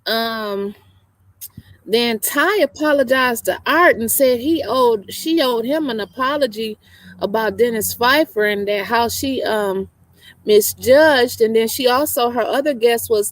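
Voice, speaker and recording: A woman's voice: on the high side, unhurried, dry recording. A female co-host in casual chat, sassy and teasing, laughing often.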